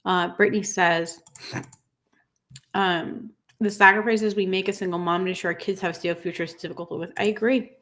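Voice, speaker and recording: A woman in her thirties hosting a livestream, tearful after crying, reading viewer comments in an earnest, halting way with many fillers. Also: mid-range voice, fairly even intonation, fairly bright tone. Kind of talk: emotional livestream chat.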